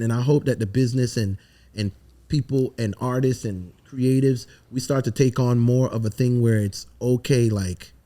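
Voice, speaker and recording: A man from the Virgin Islands, a songwriter telling animated, emphatic stories and swearing freely in a casual podcast interview. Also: mid-range voice. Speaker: songwriter guest.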